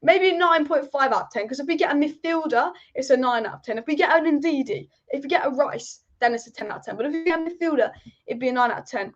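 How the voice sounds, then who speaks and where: A woman with a high voice hosts a live football stream. She rambles with strong opinions and repeats her points for emphasis, and the audio is dull and lo-fi. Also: fast talker. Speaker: football channel host. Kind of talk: live-stream football chat reading viewer comments.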